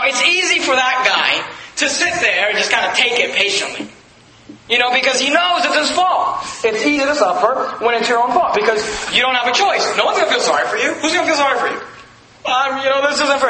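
Male pastor, high bright voice, chatty preaching style, echoey church with faint hiss. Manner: conversational preaching with rhetorical questions and asides. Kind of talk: sermon. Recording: echoey room with faint ambience.

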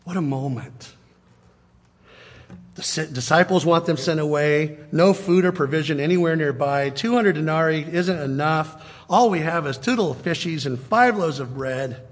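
A man delivers a sermon with a fairly high voice for a man, talking to the congregation in a lively, conversational way. He slips into the voices of the people in his reading. The sound carries the long reverb of a large hall. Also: normal speed. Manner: conversational, animated, acts out quotes. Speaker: pastor.

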